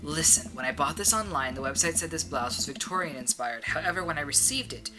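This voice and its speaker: A reader voicing a fussy, formal older gentleman complaining in a shop, over music. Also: mid-range voice, a little fast, close to an everyday voice. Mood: indignant. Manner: pompous, formal.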